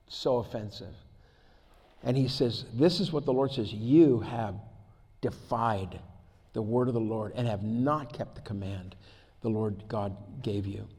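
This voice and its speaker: A male pastor delivers a sermon in a big hall with a long echo. He moves from quiet, measured scripture reading into lively storytelling, getting loud and laughing as he goes. His pitch sits in the middle for a man. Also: slightly rough. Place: church hall.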